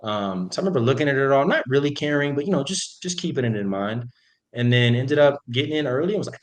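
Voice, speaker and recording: A man's voice: medium pitch, fast talker. A young man, a former football player, telling stories in a chatty interview with lots of "like"s. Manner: animated, chatty, many fillers. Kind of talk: casual storytelling interview.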